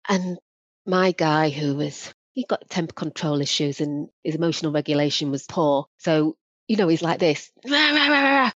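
At a normal speed and low pitch, a woman who once worked as a probation practitioner recounts candid work stories on a podcast, acting out others' voices with animation. Sound quality is dry, dull lo-fi.

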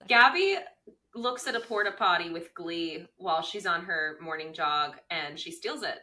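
A woman co-hosts a casual recap podcast with a bright, sharp voice. She chats freely and gives her opinions. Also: fairly low pitch, lively intonation, moderate pace. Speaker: podcast co-host.

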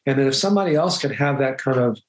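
A man's voice: mid-range voice, expressive, a little hiss or hum, poor audio. Earnest reflective man telling a story. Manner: reflective, earnest, halting with restarts. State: emotional while telling the story. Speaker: doctor. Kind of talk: personal storytelling in an interview.

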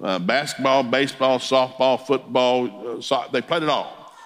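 A man's voice: mid-range voice, normal speed, fairly bright tone. A middle-aged man, a Pentecostal preacher, telling humorous family stories in a sermon and chuckling as he talks. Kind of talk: folksy storytelling sermon.

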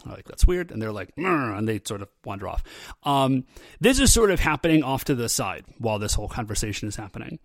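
This podcast host has a lowish, gravelly voice with a sing-song lilt, and he talks fast. He rambles casually through an episode recap, full of "um"s and "like"s, breaking into laughter frequently. It's a dry, studio-quality recording.

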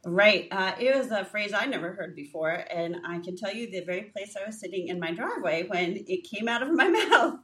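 A woman co-hosting a casual faith podcast, spinning a story with plenty of fillers and restarts. Her voice sits at a middle pitch. It is picked up from a little way off the microphone. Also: lively intonation, brisk, few pauses, a bit bright, far from the mic. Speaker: podcast co-host.

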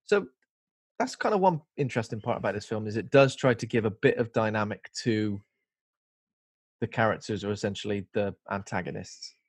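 A man's voice: fairly low pitch, brisk, husky, no echo. A young man co-hosting a casual film review podcast, telling stories and acting out what characters say. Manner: animated storyteller who acts out quotes. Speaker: podcast co-host.

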